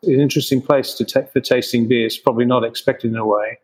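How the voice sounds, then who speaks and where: A man's voice: mid-range voice, fairly even intonation, quick pace, slightly rough, low-quality recording. A man in an interview, a craft brewer answering questions with many restarts and fillers.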